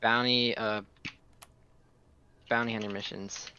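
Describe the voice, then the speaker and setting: A man in casual gaming chat, dry and quick to correct others. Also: on the low side, level tone, sharp tone, slight background noise. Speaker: speedrunner. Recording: dull lo-fi mic.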